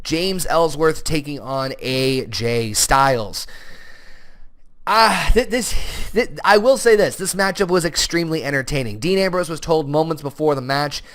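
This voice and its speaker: A young man with a slightly high voice talks through a wrestling episode in a casual solo review. He is animated, jumps between points and restarts his sentences as he goes. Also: unhurried. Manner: animated, frequent restarts and asides.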